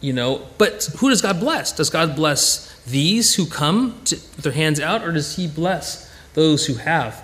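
Man pastor, fairly high voice, animated sermon delivery, many restarts and fillers. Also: unhurried, long reverb tail. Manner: lively, many restarts and "you know".

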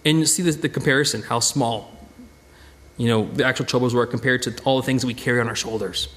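A man preaching a conversational sermon as pastor, chatty and animated, often restarting and repeating words. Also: mid-range voice, fast.

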